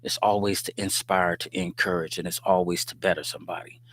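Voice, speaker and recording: His voice sits low, barely moves in pitch, and is fairly bright, with a slightly quick delivery. As host of a faith-based livestream, he talks in a loose, preachy manner with street slang and jokes, often asking "you dig what I'm saying" into his livestream mic.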